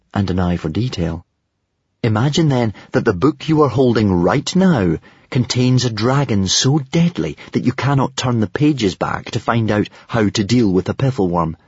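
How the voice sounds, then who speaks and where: Husky, expressive storybook narrator. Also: male voice, on the low side, no echo. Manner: expressive, addresses the reader. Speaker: audiobook narrator. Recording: dry, slightly dull recording.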